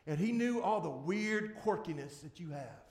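A man preaching a sermon as pastor to a congregation, emphatic, swinging between loud bursts and hushed, drawn-out words, repeating key words for emphasis. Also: sits high, animated. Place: church sanctuary before a congregation. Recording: echoey room.

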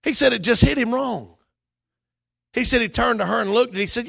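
A man preaching a sermon as pastor, impassioned, his delivery rising to shouts. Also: very high-pitched, a little fast, gravelly, long pauses, breathy edge.

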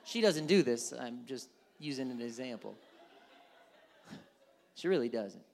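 A man's voice: medium pitch, unhurried, creaky. A man preaching a casual, conversational sermon as pastor, acting out little dialogues in changing tones. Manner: animated, acts out little dialogues with shifting tones.

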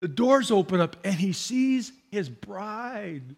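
A male pastor preaching a sermon, telling stories in an animated way with repetitions and asides. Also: high-pitched, takes it slowly, vocal fry, slightly rough. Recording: long hall reverb.

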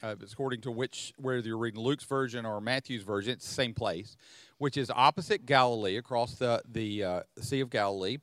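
A man hosting a podcast and teaching from the Bible. He speaks at a mid pitch, explaining things step by step and often pausing to rethink a phrase. The recording is close and dry. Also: fairly bright tone, no room sound. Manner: explanatory, thinking aloud with restarts.

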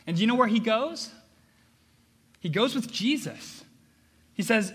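A man delivers a sermon with earnest, emphatic conviction, circling back on phrases to drive them home. His voice sits high and sounds bright and ringing. The words trail off into the long reverb of a large church hall. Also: animated, unhurried, long pauses, breathy edge. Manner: earnest, emphatic preaching with repetitions. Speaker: pastor.

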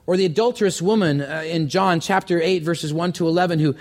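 A man preaching a sermon as pastor, earnest, often repeating words and climbing higher when stirred. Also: brisk, hardly any pauses.

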